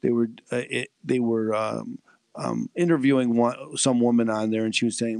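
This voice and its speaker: A man's voice: mid-range voice, steady tone, normal speed, vocal fry, a little mellow, no room sound. A man co-hosting a radio show, speaking casually and often stopping to restart his sentences.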